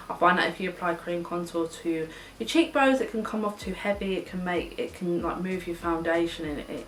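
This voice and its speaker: A young woman, a beauty vlogger, chats casually as she does her makeup, gushing, talkative, and swearing from time to time. Her voice sits on the low side. The mic is set back in an echoey room, with a faint hiss underneath.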